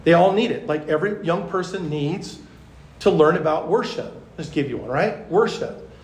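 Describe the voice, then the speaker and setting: A man, a pastor, teaching at a youth conference in a chatty, animated storytelling way, full of fillers. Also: on the high side, moderate pace, slight background noise. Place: large conference hall. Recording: echoey hall.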